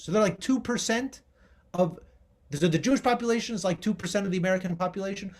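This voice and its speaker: Middle-aged male professor, slightly high voice, enthusiastic and chatty slide lecture. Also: a little mellow. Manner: enthusiastic, conversational, with fillers. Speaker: professor giving a history lecture. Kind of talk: slide presentation.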